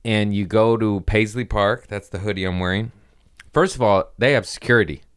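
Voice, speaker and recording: A man's voice: on the low side, fairly even intonation, normal speed, clear, resonant tone. A young man doing a crude, rambling comedy monologue as a podcast host, often laughing at his own jokes.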